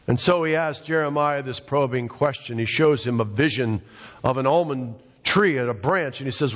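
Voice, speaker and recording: A man's voice: medium pitch, normal speed, a bit bright. A male pastor preaching a sermon in a conversational, storytelling way. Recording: dull, echoey hall recording.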